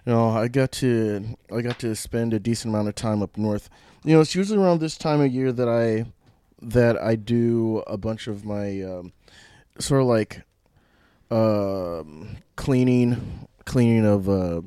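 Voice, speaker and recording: A man's voice: on the low side, a little slow, mellow, clean tone, dry recording, studio quality. A man hosting a radio show in casual chat, rambling and restarting his sentences, laughing often and a little loopy. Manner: self-described mildly loopy. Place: radio studio. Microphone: studio microphone.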